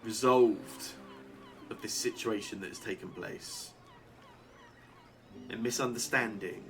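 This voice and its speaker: A man's voice: medium pitch, huge pitch swings, takes it slowly, a bit bright, a little hiss or hum, full character voice. A man voicing a pompous older town mayor who speaks formally. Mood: stern, gracious. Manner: formal, stately.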